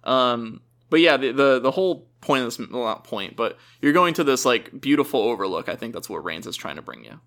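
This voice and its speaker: A man's voice: medium pitch, animated, brisk, hardly any pauses, a bit bright. A young man co-hosting a casual gaming chat, rambling, correcting himself mid-sentence and laughing often. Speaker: podcast co-host.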